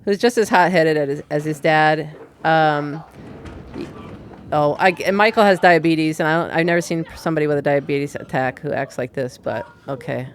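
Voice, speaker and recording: A woman's voice: sits low, normal speed. A woman co-hosting a podcast in casual chat, telling it animatedly and laughing often. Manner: giggly, animated storytelling. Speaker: podcast co-host.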